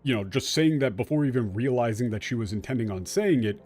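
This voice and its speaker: A man in a mid-range voice chatting over a game stream, breaking down the translation as he plays. He talks animatedly, bursting into excitement and tossing out blunt, sarcastic jabs. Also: mid-range voice, quick pace, soft background music. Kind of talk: casual gameplay commentary.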